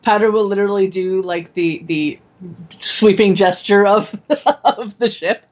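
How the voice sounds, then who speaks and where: A woman playing in a tabletop game, talking haltingly with lots of fillers and giggles. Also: mid-range voice. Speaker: player. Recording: dull lo-fi sound.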